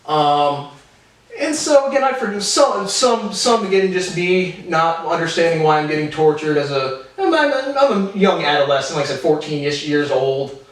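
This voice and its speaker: A man in his twenties giving a rambling, profane personal monologue to camera, jumping between animated tangents. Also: fairly high pitch, moderate pace. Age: 20s. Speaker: vlogger. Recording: very echoey room, voice far from mic.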